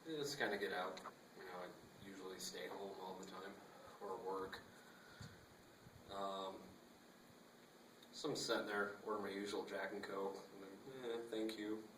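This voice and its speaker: A man's voice: low voice, steady tone, measured pace, long pauses, noisy background. A young man casually telling a rambling story, acting out the dialogue and laughing often, recorded on a phone. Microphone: phone camera. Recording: echoey phone recording from a distance.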